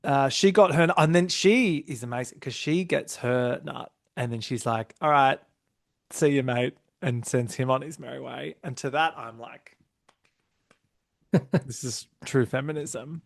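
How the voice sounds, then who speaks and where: A man hosting a casual podcast chat, animated and laughing often as he acts out quotes in exaggerated voices. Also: mid-range voice, measured pace, creaky, dry recording, studio quality. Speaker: podcast host.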